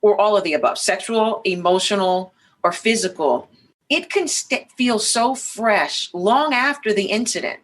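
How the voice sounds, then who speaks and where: A woman host leads the conversation, a lawyer by practice. She muses aloud before asking probing questions, in a voice of middle pitch. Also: lively intonation, unhurried. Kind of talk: interview conversation.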